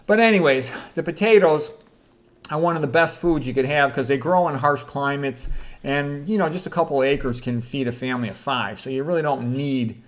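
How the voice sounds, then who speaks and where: A male doctor reading aloud from his own book in a casual way, with spoken asides to the listener. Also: mid-range voice. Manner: chatty, asks listeners "okay?" and "all right?".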